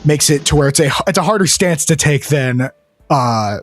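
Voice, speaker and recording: A man co-hosting a movie podcast, chatting casually with a joking, slightly halting manner. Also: fairly high pitch, expressive, faint music behind. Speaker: podcast co-host. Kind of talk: casual chat.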